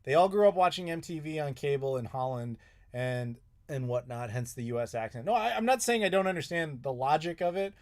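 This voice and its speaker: A thirtysomething man streams live from home in Chicago, casually rambling through viewers' questions, swearing often and laughing a lot. His voice sits fairly high, a little mellow, at a fairly quick pace.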